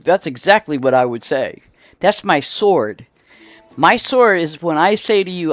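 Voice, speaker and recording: A woman's voice: low voice, very animated, a little slow, no echo, soft background music. Chatty woman streamer, dry close sound. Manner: chatty, rambling, many restarts and asides. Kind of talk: casual chat while streaming a game.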